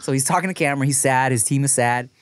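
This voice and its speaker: A man's voice: medium pitch, fast talker, clean tone, no room sound, clean studio sound. A man hosting a casual podcast, telling stories in slangy, profane chat. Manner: animated storyteller, swears freely, slangy. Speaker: podcast host.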